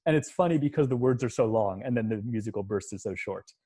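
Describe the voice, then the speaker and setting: A man with a fairly low voice talks fast and with lively intonation. He's a music professor lecturing online via a video call's computer mic, explaining scenes step by step and sometimes humming the music.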